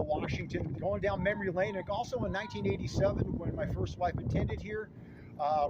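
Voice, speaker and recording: A man's voice: fairly high pitch, highs cut off. A man in his fifties from Southeast Alaska, hosting a casual, nostalgic vlog and listing old names with rambling enthusiasm. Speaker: vlog host. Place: outdoors in front of a fieldhouse. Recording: loud outdoor traffic noise. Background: loud street and traffic noise.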